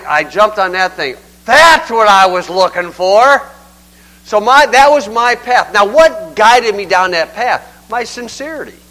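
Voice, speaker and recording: An older man preaching in a homespun, talky way, leaning hard on his points. His voice sits high for a man and rings bright and forward. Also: poor audio. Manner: folksy, conversational, emphatic. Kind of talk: sermon.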